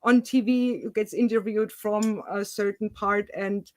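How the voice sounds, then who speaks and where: A woman's voice: medium pitch, steady tone, unhurried, a little mellow, no room sound. A woman with a Swabian German accent, a non-native English speaker, explaining things at length as the host of a casual video-call chat. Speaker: channel host.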